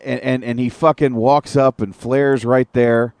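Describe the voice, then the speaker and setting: A man's voice: medium pitch, level tone, measured pace, a little mellow, clear, resonant tone, dry recording. A man co-hosting an internet radio show, ranting in casual, profane wrestling talk with long detailed recaps. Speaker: podcast co-host.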